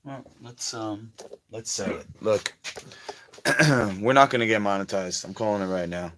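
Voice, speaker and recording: A fairly low-pitched man hosting a casual live stream. He gives bossy, blunt step-by-step orders and does not mind crude language. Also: a little slow, fairly bright tone, a little hiss or hum. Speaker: livestream host.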